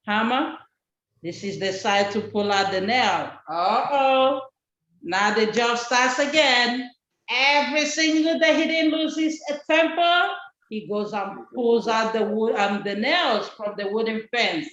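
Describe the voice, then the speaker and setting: A woman telling a children's story at church over a video call, animated and expressive, asking the children questions. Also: fairly high pitch, a little slow, echoey room, lo-fi sound.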